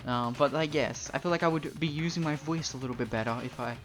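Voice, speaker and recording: A man's voice: fairly high pitch, fast. Rambling young man streaming a game. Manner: rambling, playful, with lots of fillers and swearing. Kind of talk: casual live gameplay commentary. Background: game music.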